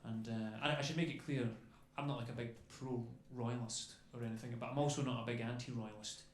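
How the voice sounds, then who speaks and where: A man's voice: medium pitch, steady tone, fairly quick. A man doing a stand-up comedy set on a club stage, rambling and chatty, tagging lines with "okay?" and "you know". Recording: echoey club room with faint noise.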